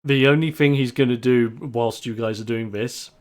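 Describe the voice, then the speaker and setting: A man's voice: medium pitch, fairly even intonation, moderate pace. A man narrating a tabletop game as game master in a rambling way. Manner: rambling, with fillers.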